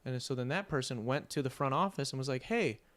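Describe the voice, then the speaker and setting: A man's voice: mid-range voice, fast, fairly bright tone. A young man hosting a podcast, telling a story in a casual, profane, rambling way with constant "like" fillers. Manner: profane, rambling, heavy use of "like". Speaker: podcast host.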